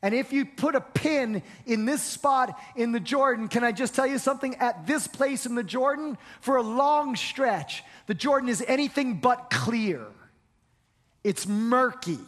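Pastor delivering an earnest sermon, high voice, frequent restarts, long hall reverb. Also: male voice, measured pace, a bit bright. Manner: earnest preaching with repeated stammered restarts.

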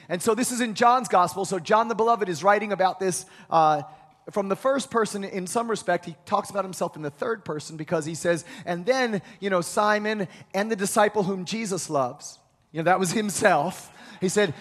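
A man preaching a sermon, retelling a scripture story with lively acted-out quotes and frequent restarts. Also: high voice, moderate pace. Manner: animated storytelling, acts out quoted voices, many restarts.

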